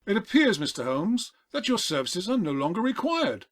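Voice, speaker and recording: Prim excitable collector guy played by a man, kinda high, bouncy voice, comedy audio play. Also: moderate pace. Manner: polite, formal, excitable.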